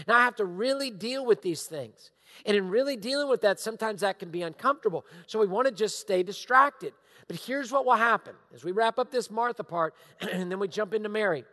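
A middle-aged male pastor giving a sermon, emphatic and repetitive, sometimes dropping into hushed asides. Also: sits high. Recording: long hall reverb.

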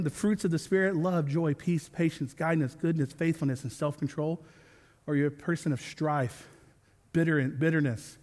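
Pastor, man, 30s, high voice, earnest sermon with jokes, hall reverb. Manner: earnest with joking asides. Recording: long reverb of a large hall.

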